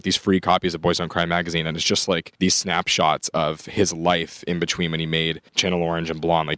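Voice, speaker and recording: A man's voice: deep voice, no room sound, clean studio sound. A young man from the United States who plays in a rock band, chatting casually in an interview and rambling with lots of "like" and restarts.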